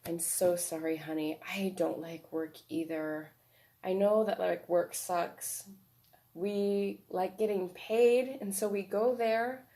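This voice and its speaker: A woman playing a soft, soothing caregiver. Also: on the low side, slow pace. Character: gentle nurturing adult comforting a child.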